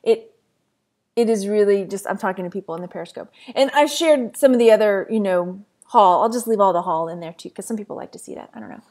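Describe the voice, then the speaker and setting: A woman's voice: mid-range voice, fast talker, darkish tone. A woman from Texas chatting casually on a phone livestream, giggly and rambling as she talks to viewers. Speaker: reseller vlogger.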